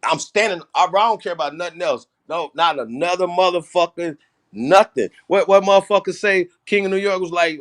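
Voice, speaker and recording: A man hosts a livestream and talks in a blunt, emphatic way, swearing freely. His voice sits a little high for a man. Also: fairly quick, fairly bright tone. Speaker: host. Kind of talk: livestream political talk.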